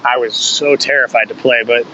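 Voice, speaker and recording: A man with a middle-pitched voice tells rambling stories about his punk band, swearing freely and chuckling as he goes. The audio sounds dull and lo-fi, with a faint hum of air conditioning underneath. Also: fairly even intonation, normal speed, bright, forceful tone. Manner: loose, rambling storytelling with frequent swearing and chuckles. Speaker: podcast guest, singer in a punk band. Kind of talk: casual conversational interview.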